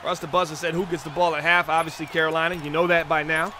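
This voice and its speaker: High, bright-voiced excitable game commentator man. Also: fast talker, slight background noise. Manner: excitable, chatty, talks straight to the chat viewers. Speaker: livestream host and commentator. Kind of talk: play-by-play commentary on a football video game stream.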